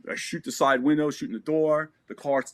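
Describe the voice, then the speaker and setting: A man's voice: on the high side, steady tone, fairly quick. An American man in his thirties casually telling a war story as a podcast guest, acting out gunfire with sound effects.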